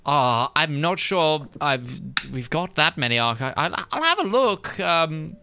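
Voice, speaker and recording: A man's voice: a little high, sing-song, a little slow, background noise. A man voicing a crotchety old female village librarian, fussy and flustered in a tabletop role-play.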